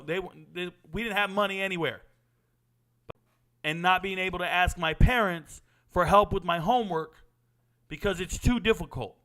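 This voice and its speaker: A man's voice: high voice, bright, forceful tone. A man, giving a blunt, profane monologue as a sports talk host. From Southern California. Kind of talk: impassioned monologue.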